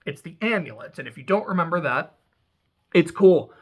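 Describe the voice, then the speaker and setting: A man's voice: on the high side, animated. A man hosting a casual recap, rambling and swearing, laughing often as he paraphrases what others said. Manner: rambling, profane, laughs often, quotes people in quick paraphrase. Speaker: podcast host recapping a reality show.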